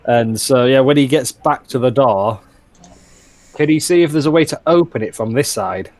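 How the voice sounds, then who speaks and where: A man's voice: mid-range voice, moderate pace, a little mellow, no echo. A man playing a tabletop game, thinking aloud with hesitant restarts as he plans his character's moves. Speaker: player.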